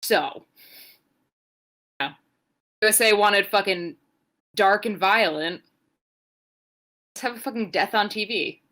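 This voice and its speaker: A woman's voice: mid-range voice, slow, long pauses, fairly bright tone. A young adult woman co-hosting a podcast, giving a sarcastic, profane, rambling play-by-play recap. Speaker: podcast co-host. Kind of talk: casual wrestling recap.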